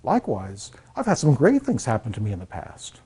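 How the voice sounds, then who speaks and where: A man's voice: medium pitch, huge pitch swings, brisk, mellow, husky. A man, a college counselor, giving an earnest classroom talk to students and checking in often to make sure they follow. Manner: earnest, repeats key points, checks in with "okay?".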